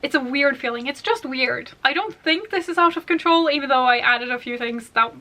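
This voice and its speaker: A woman's voice: high-pitched, fairly quick, pushed and bright. A woman beauty vlogger talking casually and at length about her makeup, with many fillers. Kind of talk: chatty makeup collection vlog.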